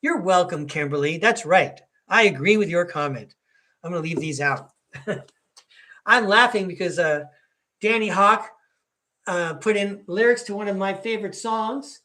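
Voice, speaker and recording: Speaking a little slowly in a high voice with a sharp tone, this American podcast host does live tarot readings. His talk is chatty, rambling and folksy, frequently interrupted by laughter.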